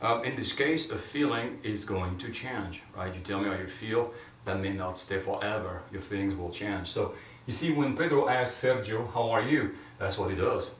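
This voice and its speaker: A man with a somewhat low voice runs a casual lesson, rambling a little and sounding out practice words slowly. He sits away from the mic in a roomy, echoey space with a faint hiss of room noise behind him. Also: a bit bright. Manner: chatty, repeats words slowly for the learner to copy. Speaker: Spanish teacher. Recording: roomy echo from a distant mic.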